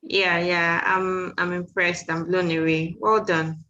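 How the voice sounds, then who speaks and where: A woman's voice: lowish voice, little pitch movement, slow, bright, forceful tone, dull audio. A woman teaching French over a video call, encouraging and repeating her questions. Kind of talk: online class teaching.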